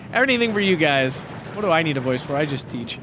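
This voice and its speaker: A man casts a strategy game tournament match, reacting loudly and laughing as the action unfolds. His voice sits high and leaps around constantly. A steady hiss of noise runs beneath him. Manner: excitable, laughs often, shouts at big plays. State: losing his voice. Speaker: tournament caster. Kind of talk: excited game commentary.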